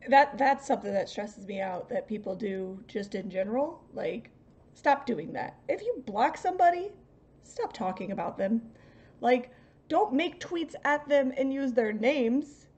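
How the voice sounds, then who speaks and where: A woman's voice: fairly high pitch, lively intonation, measured pace, a little mellow. Blunt woman with a dull lo-fi sound. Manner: blunt, scolding the chat. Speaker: stream host. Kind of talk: casual stream chat.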